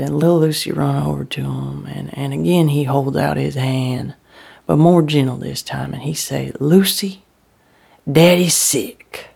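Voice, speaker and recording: A woman tells a first-person story in a drawling dialect. She often slips into breathy whispers. Her voice is gravelly and husky, and she keeps an unhurried pace. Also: low-pitched, darkish tone. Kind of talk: first-person dramatic monologue.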